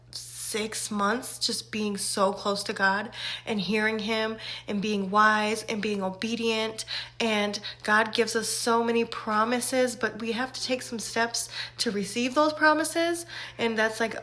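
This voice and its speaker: Bright, chatty woman sharing a testimony. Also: a little high. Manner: chatty, animated retelling with quoted voices. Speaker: faith vlogger. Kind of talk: casual testimony storytelling.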